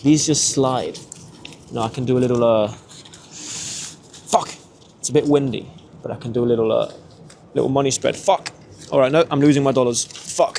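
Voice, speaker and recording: A man's voice: medium pitch, fairly even intonation, brisk, vocal fry, pauses often, darkish tone, slight background noise. Rambling young British man vlogging outdoors. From Britain. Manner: rambling, swears casually. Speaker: travel vlogger. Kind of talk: casual vlog chat. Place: outdoors on windy city streets.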